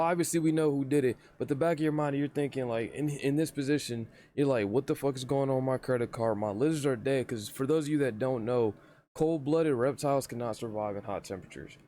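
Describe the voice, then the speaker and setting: A man's voice: medium pitch, mellow, a little hiss or hum. Young man commenting on a clip. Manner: plainspoken, talks straight to viewers. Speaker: reaction streamer. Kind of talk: casual reaction commentary.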